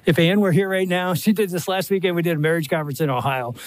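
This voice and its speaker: An older man preaching a sermon, telling stories with lively acted-out quotes. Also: high-pitched, fast talker, no room sound. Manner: animated storytelling with acted-out quotes. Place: live event stage.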